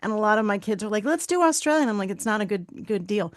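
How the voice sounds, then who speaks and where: A woman's voice: mid-range voice, level tone, quick pace, dry recording, studio quality. A woman hosting an interview podcast, chatting casually and encouraging her guest. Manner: chatty, encouraging, frequent backchannel and laughs. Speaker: podcast host. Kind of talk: conversational interview.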